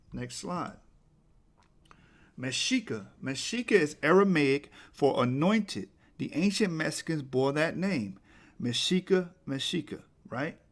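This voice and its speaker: Presenting a lecture over slides, a man with a mid-range voice reads quotes aloud and restarts words along the way. His delivery builds to forceful, emphatic peaks.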